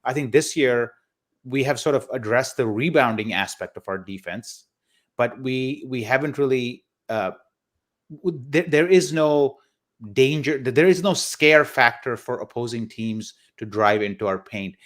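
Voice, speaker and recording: A man hosting a live basketball show, giving casual analysis in a halting way, often repeating words as he thinks. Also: medium pitch. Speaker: basketball podcast host.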